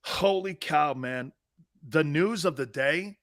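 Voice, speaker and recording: A middle-aged man hosting a sports talk show in casual chat, laughing often and breaking into loud outbursts. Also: a little high, slow pace, no echo, clean studio sound.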